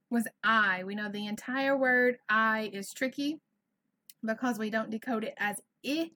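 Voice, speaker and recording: A woman's voice: a little high, fairly bright tone. A woman teaching an online first grade phonics lesson, patient and encouraging, carefully over-enunciating each sound. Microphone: computer mic on a video lesson.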